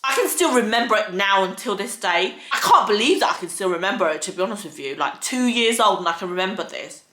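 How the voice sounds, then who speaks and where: A woman's voice: mid-range voice, lively intonation, fast, sharp tone, roomy sound, a little hiss or hum. A young woman from the UK, telling a personal story in an earnest, candid, slangy way. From United Kingdom. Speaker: vlogger. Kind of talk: casual storytelling. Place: home filming set.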